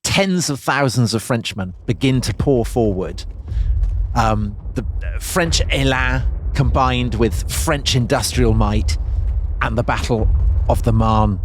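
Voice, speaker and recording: A man's voice: mid-range voice, slow, a little hiss or hum. A man co-hosting a history podcast, talking in a wry, teasing way. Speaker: podcast co-host. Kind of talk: history chat and ad read.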